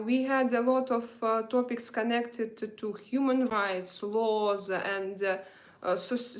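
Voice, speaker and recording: A woman from Russia with a Russian accent, hosting a casual live chat, slow and hesitant with many fillers. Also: on the high side. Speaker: live stream host. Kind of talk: casual live chat reading viewer comments.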